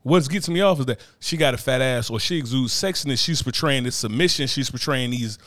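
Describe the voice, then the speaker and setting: Blunt, profane man talking fast. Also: medium pitch, no echo, studio quality. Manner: blunt, profane, animated, repeats "you know what I mean". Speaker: podcast co-host. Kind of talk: casual chat.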